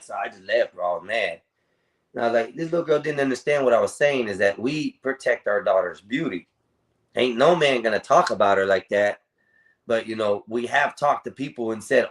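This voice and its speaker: Speaking at normal speed with lively intonation, a man on the low side spins a long, meandering personal story in casual conversation over a streaming call. He calls his listener "bro" and tosses in "da, da, da" to fill the gaps.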